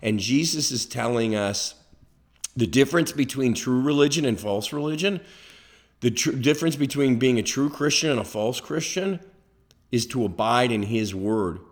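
A man's voice: mid-range voice, expressive, moderate pace. Earnest male pastor preaching emphatically. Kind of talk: sermon.

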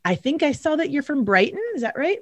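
A woman's voice: high-pitched, very animated, quick pace, no echo. An American woman hosting a podcast interview, chatty and playful. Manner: chatty, playful, laughs along. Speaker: podcast host. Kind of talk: casual interview.

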